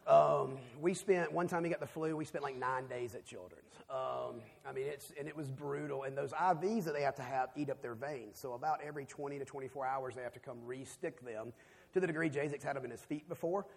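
A man preaching a sermon, telling a personal story and swinging between hushed, quiet passages and loud, emphatic ones. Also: medium pitch, fairly quick, vocal fry, husky. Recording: long reverb of a large hall.

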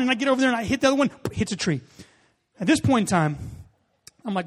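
Animated high-voiced male pastor in a reverberant hall. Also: fast talker. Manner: animated storytelling, acts out his own reactions. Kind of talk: sermon.

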